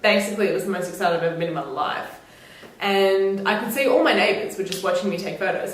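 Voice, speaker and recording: A woman's voice: mid-range voice, fast talker, far from the mic. A young woman from Australia with an Australian accent, chatting to camera in a bubbly, giggly way. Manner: bubbly, giggly, playful sing-song. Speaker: vlogger. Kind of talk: casual chat to camera. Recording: echoey room, slightly off-mic, faint hiss.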